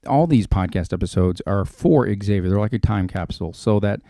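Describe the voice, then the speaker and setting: A man's voice: on the low side, lively intonation, brisk, mellow, no room sound, studio quality. A man hosting a podcast, chatting casually and rambling a bit. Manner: rambling, restarts often. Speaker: podcast host. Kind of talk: casual chat.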